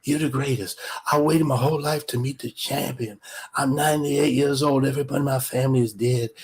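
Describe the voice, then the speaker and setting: A man voicing a frail 98-year-old man who speaks softly and tenderly in a story he tells. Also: mid-range voice, steady tone, brisk, breathy edge. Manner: soft, hushed and tender.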